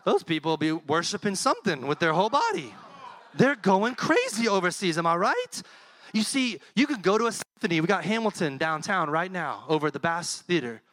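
A middle-aged pastor, preaching a sermon in a conversational, animated way and dropping to a soft, low voice for heartfelt points. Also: male voice, brisk.

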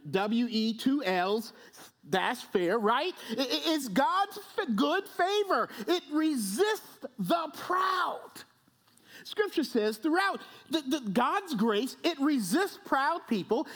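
A man's voice: extremely high pitch, a bit bright. A man pastor preaching a sermon in a church service, emphatic and conversational, who repeats phrases and keeps asking "right?".

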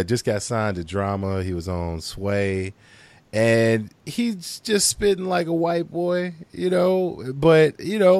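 A man co-hosting a casual podcast chat, emphatic and quick to repeat himself. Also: medium pitch, no room sound. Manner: lively, emphatic, repeats words.

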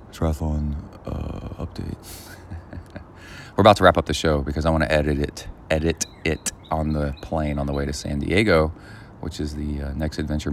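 A man hosting his own podcast in casual solo chat outdoors by a pool, rambling and halting with lots of fillers. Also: rumbling low, slight background noise. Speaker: podcast host.

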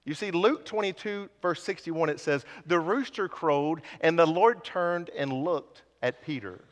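A man's voice: a little high, a little slow. A man preaching a sermon, building with repeated phrases and dropping to near whispers. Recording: long hall reverb.

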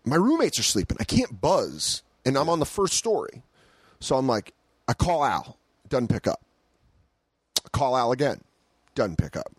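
A man hosting a comedy podcast, telling a story in a casual chat and acting out quotes with big jumps in pitch, swearing freely. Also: very animated, normal speed, long pauses, breathy edge, no echo. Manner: swears freely, laughs through stories.

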